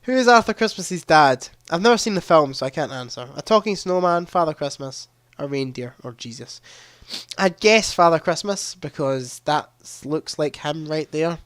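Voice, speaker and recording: A man's voice: on the high side, lively intonation, normal speed, fairly bright tone, no room sound. A young man hosting a live-streamed quiz, chatting casually into a headset mic and reading questions aloud with a ready laugh. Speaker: livestream quiz host.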